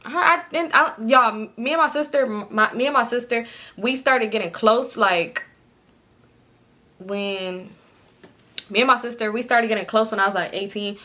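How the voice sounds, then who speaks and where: A woman's voice: a little high, moderate pace, bright, forceful tone. A woman vlogger telling a casual, profane story to her viewers, filling her speech with "like" and calling them "y'all". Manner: chatty, profane, fills speech with "like".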